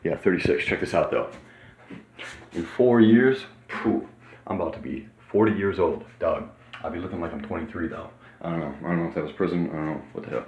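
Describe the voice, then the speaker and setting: A man in his thirties, excitable and rambling in a casual vlog monologue, sometimes talking while eating in a hotel room. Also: low-pitched, brisk, a little hiss or hum. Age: 30s. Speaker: vlogger.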